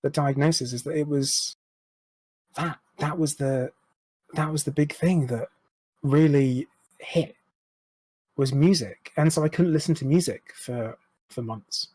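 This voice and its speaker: A man's voice: on the high side, measured pace, pauses often, darkish tone, breathy edge, no echo, low-quality recording. A man, speaking frankly and reflectively as a podcast guest, swearing now and then. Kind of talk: candid interview chat.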